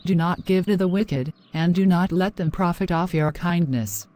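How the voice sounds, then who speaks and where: A woman voicing an anxious, devout wife, lower-pitched and mellow, quoting verses. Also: normal speed, lightly acted. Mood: worried. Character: worried wife of a generous man.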